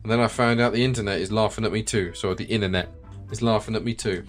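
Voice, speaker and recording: A man's voice: on the low side, steady tone, fast, faint music behind, close to an everyday voice. A man reading the lines of a bitter, self-pitying, middle-aged widowed farmer in a video game, resentful and defensive in tone. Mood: aggrieved. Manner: resentful, defensive, plain-spoken.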